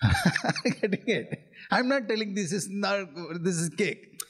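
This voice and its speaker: A man with an Indian English accent, a spiritual teacher giving an interactive scripture class. He keeps checking that his listeners follow, chuckles often, and draws out Sanskrit phrases slowly when he recites them. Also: high voice, animated, fairly bright tone, husky. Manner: repeats checks like "are you getting it?", chuckles often.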